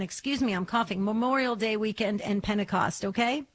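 A woman's voice: medium pitch, fairly quick. Chatty woman radio co-host. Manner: chatty and effusive. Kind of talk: call-in radio talk.

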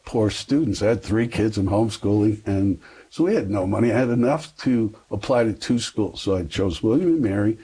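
Husky low-voiced man telling a story. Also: normal speed, warm tone, low-quality recording. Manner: rambling, self-deprecating, frequent fillers. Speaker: guest. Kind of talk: conversational storytelling interview.

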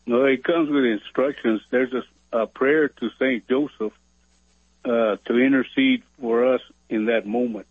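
A man's voice: medium pitch, fairly even intonation, unhurried, slightly rough, dry recording. Hesitant man on a tinny phone line. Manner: hesitant, many fillers. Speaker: caller. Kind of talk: phone-in call.

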